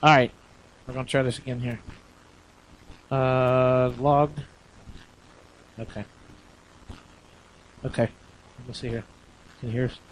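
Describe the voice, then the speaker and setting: A man's voice: mid-range voice, fairly even intonation, slow pace, long pauses, lo-fi sound. A man hosting a live radio show, chatting casually and easygoing while he works the equipment.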